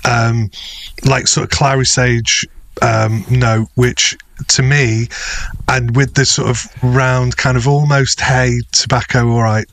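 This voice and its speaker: A man's voice: medium pitch, level tone, slow pace, fairly bright tone. Hesitant man in a casual podcast chat. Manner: hesitant, lots of ums and likes. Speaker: podcast co-host.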